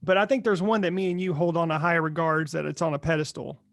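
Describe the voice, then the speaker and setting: Blunt, swearing, high-voiced man. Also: fairly even intonation, fast, vocal fry, no echo, studio quality. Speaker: podcast co-host. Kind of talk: casual chat.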